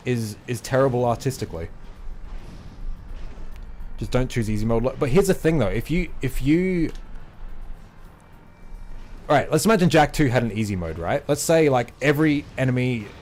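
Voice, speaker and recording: A man's voice: mid-range voice, darkish tone. A male game streamer talking casually while he plays, rambling and opinionated, with lots of fillers and some swearing. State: out of breath. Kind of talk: casual gaming livestream chat.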